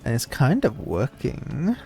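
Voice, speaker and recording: Mellow-voiced playful streamer narrating. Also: medium pitch, very animated, measured pace, faint music behind. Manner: playful, laughing asides between narration. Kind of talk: reading game narration aloud on stream.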